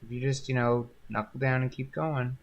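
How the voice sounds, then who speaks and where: A man's voice: medium pitch, fairly even intonation, normal speed, highs cut off. A man hosting a painting livestream, chatting casually and rambling, with frequent laughs. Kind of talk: casual chat while painting.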